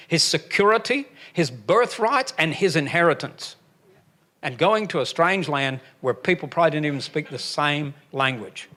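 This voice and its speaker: With a sharp tone and a voice a touch high for a man, an older pastor from Alabama, USA, preaches emphatically, scattering folksy, humorous asides among his points.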